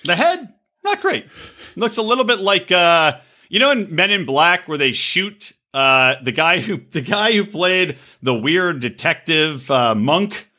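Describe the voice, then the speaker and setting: Bright, high-voiced joking man. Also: sing-song, measured pace. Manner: crude, joking, mocking, does silly voices. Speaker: podcast co-host. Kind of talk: casual chat.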